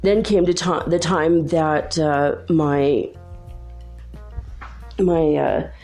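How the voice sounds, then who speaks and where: A woman's voice: low voice, darkish tone. A woman hosting her own channel, telling a personal story in a casual, rambling way, correcting herself often and confiding earnestly. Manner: rambling, self-correcting, many fillers. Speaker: channel host.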